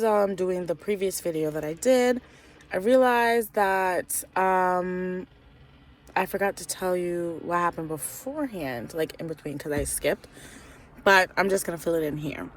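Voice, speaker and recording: A woman's voice: mid-range voice, fairly bright tone, a little hiss or hum. A young woman vlogging outdoors, chatting casually about her life, with lots of fillers and "like". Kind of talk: casual storytime vlog.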